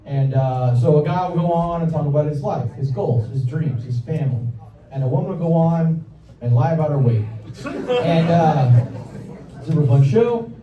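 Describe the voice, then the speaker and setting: Awkward young comedian in a roomy club. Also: male voice, a little high, moderate pace, recorded from a distance. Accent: American Southern. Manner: awkward, self-deprecating, deadpan delivery. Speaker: stand-up comedian. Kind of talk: stand-up comedy set. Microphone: handheld stage mic. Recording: roomy club recording from the audience, dull sound. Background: audience laughter.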